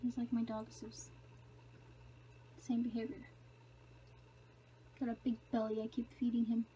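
A young woman vlogging casually, rambling in a self-conscious way and often dropping to a hushed voice, filmed on a handheld phone out at a beach, in a car and at a gym. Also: on the high side, completely flat delivery, measured pace, a little hiss or hum, low-quality recording. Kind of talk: casual vlog chat.

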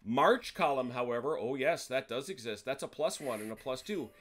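Running a tabletop wargame, this man chats his players through the rules, catching himself mid-sentence and slipping in dry humor. His voice sits at medium pitch, expressive and a bit bright, at a moderate pace.

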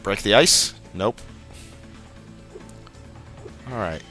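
A man's voice: fairly low pitch, lively intonation, normal speed, bright, forceful tone, soft background music. A young man casually commenting while he plays a video game, chatty and muttering at the game. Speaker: let's play host.

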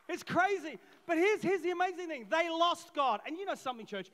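A middle-aged man preaching a lively sermon as pastor, swinging between loud shouted peaks and quiet asides, acting out voices from the story. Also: very high voice, brisk, few pauses. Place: church auditorium. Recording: long hall reverb.

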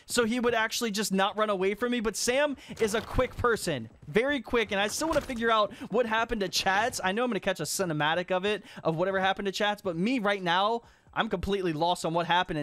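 A young man with a high voice commentates his own gameplay, excitable and teasing as he calls out to other players. He is recorded close and dry on a headset mic. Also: no room sound. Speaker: gaming YouTuber.

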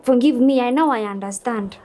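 Brief: woman as a fretful young friend, high mellow voice. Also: fairly quick, slight background noise, lightly acted. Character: anxious young woman, quick to apologise.

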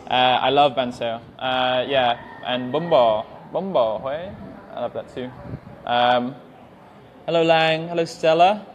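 A man's voice: medium pitch, slight background noise. A man in his twenties with an English accent, an English teacher reading out viewer questions in a live-stream Q&A and answering with many ums. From England. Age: 20s. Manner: hesitant, with many ums, speaks slowly and carefully. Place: language school.

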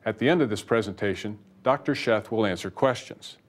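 A man's voice: lowish voice, fairly quick. A male host and moderator giving a formal, scripted introduction to a lecture series.

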